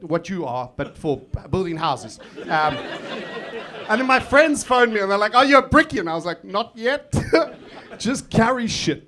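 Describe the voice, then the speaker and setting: South African man, high-pitched stand-up. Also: fairly bright tone. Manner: profane, self-mocking banter with the crowd. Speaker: stand-up comedian. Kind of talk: stand-up comedy set. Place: comedy club stage.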